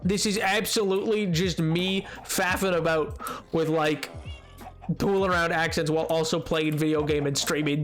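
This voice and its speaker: A man's voice: high-pitched, steady tone, moderate pace, a bit bright, soft background music. A man chatting casually while streaming a video game, rambling with stammered restarts and frequent laughter. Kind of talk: casual gaming stream chat.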